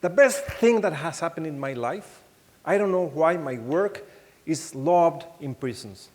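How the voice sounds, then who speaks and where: A man with a Mexican accent giving a keynote talk, telling anecdotes in a halting way with many restarts and acting out the voices he quotes. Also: fairly high pitch. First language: Spanish. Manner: animated storytelling, acts out quoted voices. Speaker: keynote speaker. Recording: long hall reverb.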